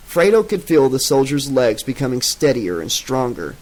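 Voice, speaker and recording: A man narrating a horror audiobook in a steady, dramatic reading. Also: medium pitch, moderate pace, hardly any pauses, rough recording.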